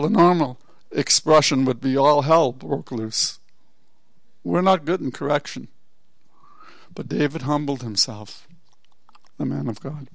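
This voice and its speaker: With a creaky voice, a pastor tells a Bible story in his sermon, rising from low murmurs to loud exhortation and adding asides and rhetorical questions. There's no echo.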